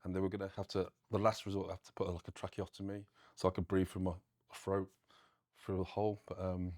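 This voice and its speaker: A man's voice: sits low, little pitch movement, a little fast, a little mellow, dry recording, studio quality. A man telling a harrowing personal story in an interview, earnest and plain-spoken with frequent fillers. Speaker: guest, gym owner.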